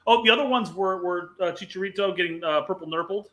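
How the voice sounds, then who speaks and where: A man's voice: high voice, quick pace, bright, forceful tone. A man co-hosting a casual soccer podcast, rambling with stammered restarts and frequent laughs. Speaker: podcast co-host. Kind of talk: casual chat.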